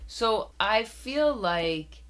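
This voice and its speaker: A woman's voice: on the high side, expressive, drawn-out words, a bit bright. A woman in her fifties, a podcast guest, telling candid parenting stories in casual chat. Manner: candid storytelling, acts out quoted dialogue.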